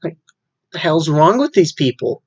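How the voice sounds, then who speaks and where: Blunt, deadpan young man. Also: a little high, normal speed, breathy edge. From Southern United States. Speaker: podcast co-host. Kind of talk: casual chat. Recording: dull lo-fi audio.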